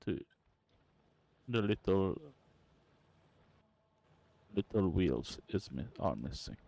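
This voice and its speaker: A young man streaming game development, quietly muttering to himself in halting phrases as he works. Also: sits low, expressive, vocal fry, no echo. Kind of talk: casual livestream commentary while coding and gaming.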